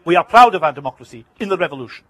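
A man voicing a furious, defiant older political leader who shouts in broken English. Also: high voice, racing, breathy edge, no echo, pitched above the performer's own voice. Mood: proud.

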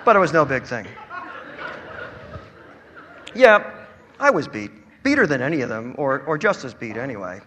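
A man's voice: mid-range voice, moderate pace, long pauses, slight background noise. Man reading fiction in a reverberant hall. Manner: wry, expressive storytelling. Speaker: author reading his story. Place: event hall.

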